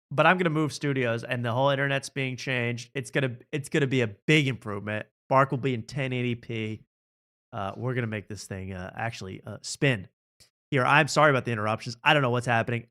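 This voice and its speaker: A man's voice: medium pitch, fairly bright tone. Rambling sarcastic male stream host. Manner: rambling, sarcastic, laughs often. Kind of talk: casual comedy chat, live stream. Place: home streaming studio.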